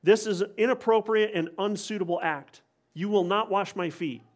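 A man's voice: sits high, normal speed, pitched above the performer's own voice, close to an everyday voice. A man voicing an impetuous male disciple who protests emphatically and with indignation. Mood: emphatic protest.

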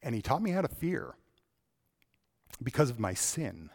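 A middle-aged man preaching a sermon, telling a personal story and swinging between loud emphasis and hushed, slow delivery. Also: medium pitch, very animated, gravelly.

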